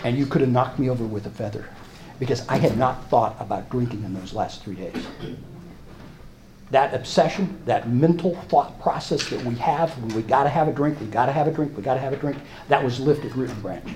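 A man telling his recovery story at a meeting, halting and repeating himself, with emotional swings. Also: medium pitch, a little mellow, slight background noise. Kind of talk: personal testimony talk. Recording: echoey room, faint ambience.

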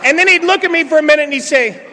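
With an extremely high pitch and a very fast delivery, a middle-aged man tells comic stories at a recovery meeting, acting out lines and joking with the crowd. Background noise, hall reverb and audience laughter are audible.

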